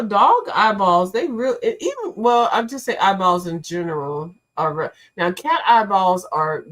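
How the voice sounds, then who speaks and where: A woman's voice: mid-range voice, a bit bright, rough recording. A woman chatting casually on a live stream, rambling, restarting her sentences and joking. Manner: rambling, trails off, restarts, jokey. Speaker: co-host of a live coloring chat stream.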